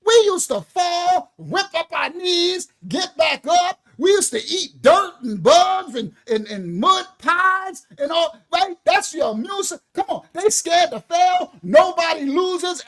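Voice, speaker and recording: A man preaching a fiery sermon, loud and shouting. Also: extremely high pitch, expressive, measured pace, gravelly, few pauses.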